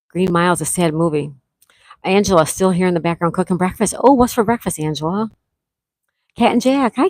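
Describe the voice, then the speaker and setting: Middle-aged woman host from Florida, slightly low voice, chatty, reads chat aloud, dry close sound. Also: a little mellow, no room sound, poor audio. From Florida, USA. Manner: chatty, greets viewers by name, reads their comments aloud. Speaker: livestream host. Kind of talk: casual chat, reading live chat aloud.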